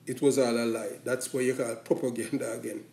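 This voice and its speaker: A Jamaican man rambles through a casual opinion talk, drifting between patois and standard English. His voice is mellow and dark, at a middling pitch. The room around him rings with echo. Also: fairly even intonation, brisk, vocal fry. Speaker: commentator.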